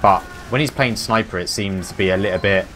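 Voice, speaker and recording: A man's voice: low voice, fairly quick, fairly bright tone, a little hiss or hum. A man giving color commentary on an online match, casual and analytical, with lots of restarts and "like". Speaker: esports co-caster.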